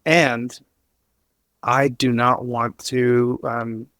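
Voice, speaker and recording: A man speaking as a podcast guest, earnest and emotional, halting with many restarts and fillers. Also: mid-range voice, level tone, a bit bright, no echo, clean studio sound. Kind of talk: candid interview talk.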